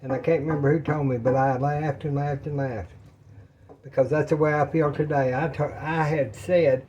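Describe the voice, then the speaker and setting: A man's voice: a little high, fairly even intonation, moderate pace, darkish tone, dull audio, slight background noise. A man chatting casually and rambling to viewers while cooking in his home kitchen, a little out of breath. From Texas. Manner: folksy, rambling, talks to viewers as y'all. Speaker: cooking vlogger.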